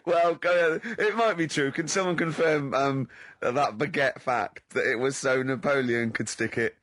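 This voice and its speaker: A man's voice: medium pitch, moderate pace, fairly bright tone, no echo. An English man co-hosting a comedy radio show, teasing the others with mock-grand asides. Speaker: radio co-host.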